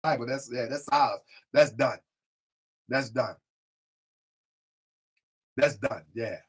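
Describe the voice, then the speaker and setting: This man's voice is medium-pitched and slow, with a breathy edge. He hosts a live stream, chatting casually with chat, reading viewer comments aloud, repeating himself often and drifting off mic.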